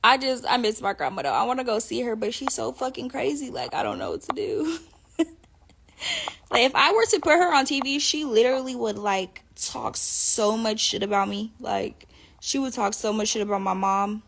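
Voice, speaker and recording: A young woman talks casually as an interview guest, her voice sitting a bit high and full of gravelly fry. She is animated and swears freely. She keeps breaking into laughter as she tells stories. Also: moderate pace, a little hiss or hum. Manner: animated, profane, laughs often. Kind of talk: casual storytelling.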